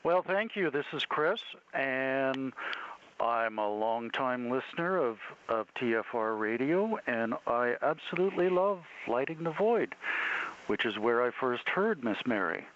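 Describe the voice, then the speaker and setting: A man's voice: medium pitch, animated, unhurried, fairly bright tone, slight background noise. A man calling in as a longtime listener, plainspoken and a bit sheepish. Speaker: caller. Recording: muffled phone line.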